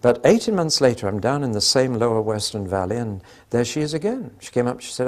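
A man's voice: mid-range voice, big pitch swings, fairly quick. An older man preaching a sermon, telling anecdotes with dry humour and acting out the dialogue.

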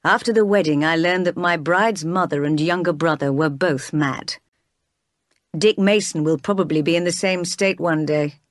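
A woman reading aloud as a brooding, passionate gentleman who is quick to anger, in her own plain voice. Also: deep voice, no echo, studio quality, natural voice.

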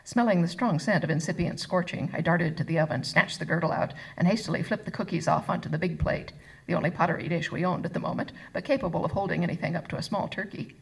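A woman author reading her novel aloud at a live event, expressive and voicing each character. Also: fairly low pitch, quick pace, gravelly, breathy edge, low-quality recording. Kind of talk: live first-person book reading. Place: arts center reading event.

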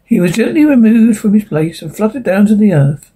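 A woman's voice: medium pitch, very animated, fairly quick, dark tone, husky, poor audio. A woman reading a classic novel aloud as narrator, informal, with small restarts.

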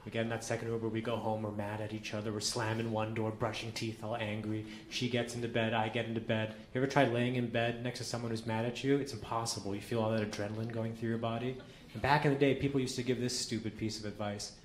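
A male comedian tells his story with dry exasperation and often sinks low and quiet for asides. The live club recording sounds roomy, with faint noise underneath. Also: flat delivery, fast talker. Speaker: stand-up comedian. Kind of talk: stand-up routine.

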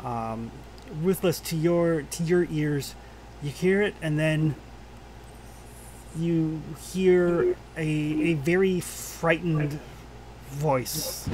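A man narrating a tabletop game as game master, pausing often with "uh" while he describes each scene. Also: a little high, a little mellow, slight background noise. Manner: halting, lots of "uh" and restarts while describing scenes.

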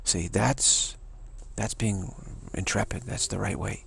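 A man's voice: fairly low pitch, fairly even intonation, takes it slowly, vocal fry, a bit bright, slight background noise. A man giving a rambling, emphatic spiritual talk as a teacher, often repeating himself.

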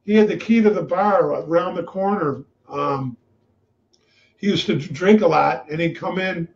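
A man hosting a webinar, telling stories from his trading days in a blunt, profane, animated way. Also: high voice, measured pace. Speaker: webinar host, trader. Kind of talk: casual storytelling. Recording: dull lo-fi webinar audio.

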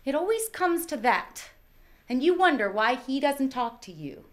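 A woman's voice: high-pitched, big pitch swings, measured pace. An actress playing a doting, weary middle-aged mother, reproachful toward her husband.

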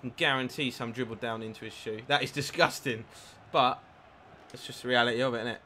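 A man live-streaming a football video game, commentating his own play, reacting loudly to chances and thanking new followers. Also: medium pitch, fast, a little hiss or hum. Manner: excitable, swears at the game, reads out followers. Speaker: gaming streamer. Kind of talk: live gameplay commentary with chat.

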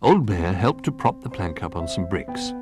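A man narrating a children's storybook in an expressive, lilting way. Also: low-pitched, normal speed, faint music behind.

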